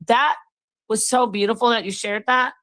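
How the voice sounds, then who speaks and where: A woman hosting a livestream, musing in a reflective, expressive way about consciousness and spirit. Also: fairly high pitch, normal speed, no echo. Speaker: live stream host. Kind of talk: casual livestream chat.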